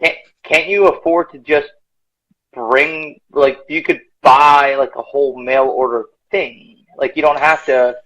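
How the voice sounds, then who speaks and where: A man's voice: a little high, fairly even intonation, measured pace, fairly bright tone, low-quality recording. A man co-hosting a live podcast in casual chat, joking and sarcastic. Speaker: podcast co-host.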